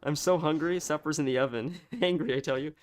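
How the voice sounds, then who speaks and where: A man's voice: fairly high pitch, brisk. A man streaming a game and chatting casually with his viewers, rambling along with lots of filler words and restarts. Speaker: gaming livestreamer. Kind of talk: casual chat with live viewers.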